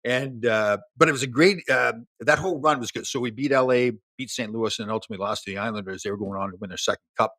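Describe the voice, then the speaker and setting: A man in his sixties, a former hockey player, telling lively stories as a guest in an interview. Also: medium pitch, fast talker, few pauses, no echo. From Canada. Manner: animated storyteller, laughs, many restarts. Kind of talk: casual storytelling interview.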